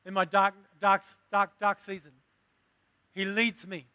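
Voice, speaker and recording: High bright male preacher, slow call-and-response sermon, dry close sound. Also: completely flat delivery, clear, resonant tone, no echo.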